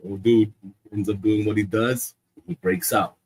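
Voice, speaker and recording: Husky man telling a joke. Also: lowish voice, a little slow. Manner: laughs through his own punchlines; animated storyteller. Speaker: stream co-host. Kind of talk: casual joke-telling among friends.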